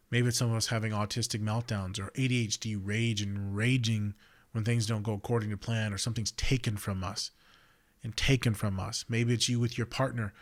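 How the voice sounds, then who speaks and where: Man, 30s, podcast host; swearing, animated casual monologue with sharp swings in volume. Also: fairly low pitch. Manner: blunt, profane and animated, swings between loud outbursts and quiet reflection.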